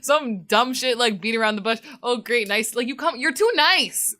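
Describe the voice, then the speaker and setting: A woman's voice: fairly high pitch, normal speed, sharp tone. A young woman co-hosting a podcast in casual chat, blunt and teasing. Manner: blunt, teasing, laughs often. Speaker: podcast co-host.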